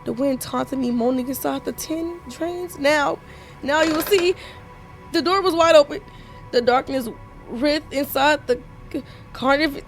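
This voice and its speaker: A woman playing a horror game, reading its text aloud in a hushed voice and breaking off into loud, profane reactions. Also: sits high, a little slow, music in the background. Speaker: gaming streamer.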